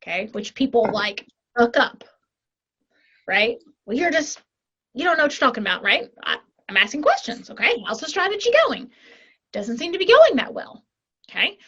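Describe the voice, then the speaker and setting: A woman coach speaks in an interview with a bright, forceful tone and a voice pitched a touch high. She is animated, works through examples aloud and keeps checking in with her listener with little tag questions. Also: normal speed, slightly rough, rough recording. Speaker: life coach and author, podcast guest. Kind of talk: conversational interview.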